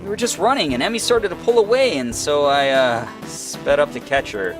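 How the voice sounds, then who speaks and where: A man voicing a mild-mannered teenage boy in a visual novel game, speaking hesitantly and softly. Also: a little high, normal speed, over music, voice pushed up, natural voice. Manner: hesitant, soft-spoken.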